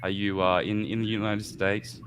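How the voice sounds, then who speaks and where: A man's voice: fairly low pitch, level tone, moderate pace, fairly bright tone, a little hiss or hum. A man hosting a podcast in casual chat, laughing often and swearing as he rambles. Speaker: podcast host.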